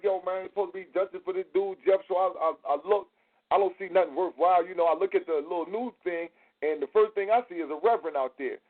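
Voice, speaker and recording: A man hosting a casual podcast, telling stories in a profane, animated way. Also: high voice. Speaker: host. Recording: tinny phone line.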